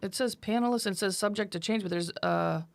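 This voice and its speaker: A woman's voice: mid-range voice, brisk, gravelly, no echo. A woman co-hosting a talk show, chatting casually and reading out details. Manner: reads out details, laughs easily. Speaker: co-host. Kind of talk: casual chat.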